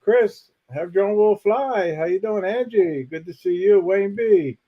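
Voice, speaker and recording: A man's voice: high voice, a little slow, dull audio. A man co-hosting a casual drone livestream, chummy and greeting viewers by name. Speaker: co-host.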